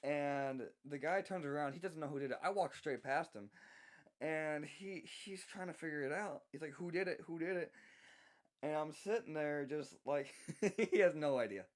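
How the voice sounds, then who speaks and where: A young man from the American South tells an unscripted story about work, speaking softly in a slightly high voice and stopping to restart often.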